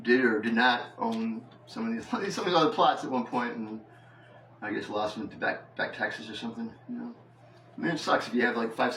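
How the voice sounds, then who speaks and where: A man's voice: mid-range voice, a bit bright, roomy sound, distant mic, a little hiss or hum, low-quality recording. A man vlogging in a loose, rambling monologue, full of fillers and laughs. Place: house with the door open.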